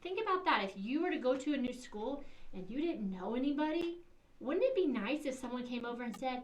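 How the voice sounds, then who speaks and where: A woman's voice: high voice, lively intonation, brisk, dull audio. A middle-aged woman giving morning announcements to schoolchildren in a sing-song, teacherly way. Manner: sing-song teacherly, acts out kids' lines. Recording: echoey room, far from mic, faint hiss.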